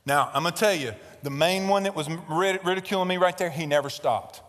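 A man preaching a sermon, telling a story and growing loud and animated in tense moments. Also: high voice, fairly quick, big-room sound. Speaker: pastor. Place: large tent.

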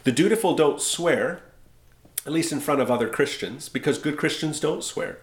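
A man preaching a sermon as pastor, conversational and wry, slowing down for emphasis. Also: fairly high pitch, animated, echoey room. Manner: conversational, wry, with dramatic slowdowns. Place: church sanctuary.

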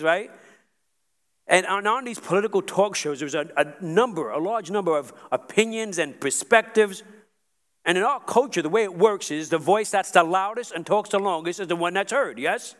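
Earnest preaching man, fairly high voice. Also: a bit bright. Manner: earnest, repeats words, rising to emphatic peaks. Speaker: pastor. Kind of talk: sermon.

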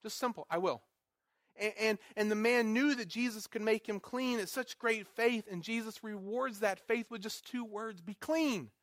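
A man's voice: sits high, fairly even intonation, moderate pace, hardly any pauses, a bit bright, dry recording, studio quality. A man preaching a sermon with earnest emphasis, repeating words and building to bursts of force. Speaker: pastor.

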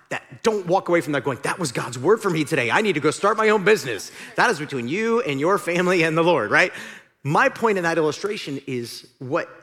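A man's voice: on the high side, a bit bright. A male pastor preaching a sermon in a conversational, storytelling manner in a church sanctuary. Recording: long reverb of a large hall.

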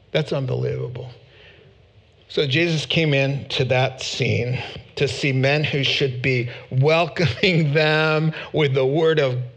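A man's voice: on the high side, gravelly, a bit bright. A man preaching a sermon as pastor, emphatic and repeating words for stress.

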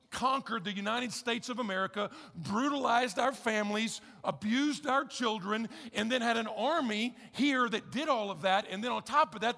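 A man's voice: very high voice, creaky, sharp tone. A man preaching a sermon as pastor, conversational and emphatic, repeating key phrases with wry humor. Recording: echoey church hall.

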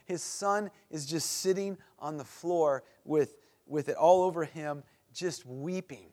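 A man preaching to a men's group, telling a story with lively voices and closing in a soft, earnest prayer. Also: a little high, unhurried, few pauses.

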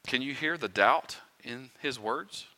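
Male pastor, bright and forceful tone, conversational sermon with rhetorical questions. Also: mid-range voice, unhurried. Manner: conversational preaching, rhetorical questions, dramatic quiet and loud swings. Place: church sanctuary.

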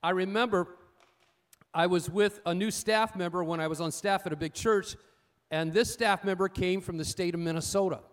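A man's voice: high voice, fairly even intonation, moderate pace. A male pastor preaching a sermon in a folksy, humorous storytelling style, repeating his key points and asking the congregation "amen?".

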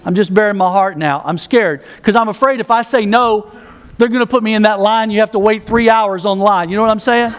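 Male pastor, high voice, sermon delivered as easy conversation with self-mocking asides. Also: fairly quick.

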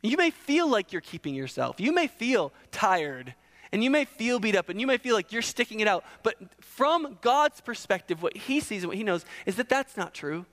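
A man's voice: high voice, sing-song, moderate pace, fairly bright tone, big-room sound. A man preaching a sermon, emphatic, asking and answering his own questions.

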